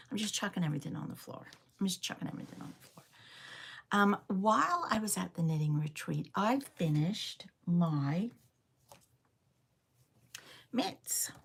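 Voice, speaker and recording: A woman with a low, gravelly voice hosts a relaxed livestream from her home. She chats on in a loose, rambling way, full of ums, as she shows off her knitting. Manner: rambling and chatty, with many ums. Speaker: livestream host. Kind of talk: casual livestream chat while showing knitting. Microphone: phone.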